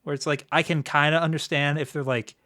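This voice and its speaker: A young man co-hosting a casual podcast chat, recapping in a halting way full of fillers. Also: a little high, flat delivery, pushed and bright. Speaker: podcast co-host.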